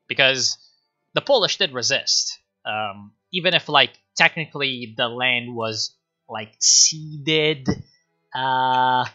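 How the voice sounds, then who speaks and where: Brief: a swearing, rambling male streamer with a very bright voice, recorded on dull lo-fi stream audio. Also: medium pitch. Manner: rambling, profane, animated. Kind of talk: casual livestream history commentary.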